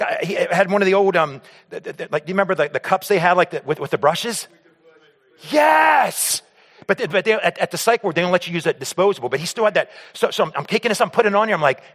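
A man telling a personal story to an audience on stage in an animated way, acting out scenes and often stammering and repeating words. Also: sits high, slightly rough. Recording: long hall reverb.

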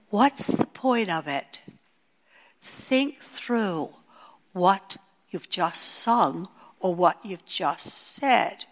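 An older woman preaching a Bible lesson in a slow, unhurried delivery. Her fairly high voice swings widely, climbing to emphatic peaks and dropping to near-whispered asides. The sound carries a long reverb like a large hall. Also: fairly bright tone. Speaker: Bible teacher. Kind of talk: sermon.

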